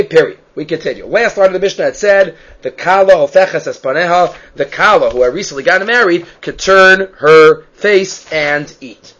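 Male Talmud teacher with a high pitch, recorded on dull, lo-fi audio. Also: a bit bright. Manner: reads Hebrew and Aramaic phrases, then translates them. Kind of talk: explaining a Talmud text. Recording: muffled lo-fi recording.

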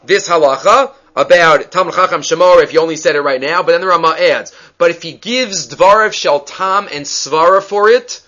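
A man with a high, bright voice leads a Talmud lesson. He tells the story with animation and acts out the rabbis' lines as he goes. The recording is dull and lo-fi. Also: moderate pace, hardly any pauses. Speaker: Talmud teacher.

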